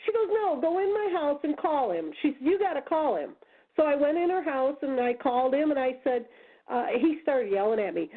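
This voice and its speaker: Woman, high voice, from the United States, animated storyteller, acts out quoted voices, tinny phone line. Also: fairly quick. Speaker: guest. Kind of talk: casual storytelling on a call-in radio show.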